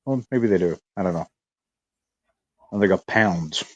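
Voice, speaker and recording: A man with a deep, husky voice chats offhand on a podcast. He drops in short, dry quips. The sound is close and dry, with no room echo. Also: normal speed, dull audio. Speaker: podcast co-host. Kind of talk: casual chat.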